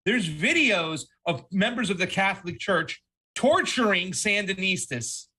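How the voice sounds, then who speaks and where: Male co-host, bright forceful voice, heated profane commentary. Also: high voice, animated, a little slow, slightly rough. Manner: heated, profane, says "fam" often. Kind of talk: casual political commentary.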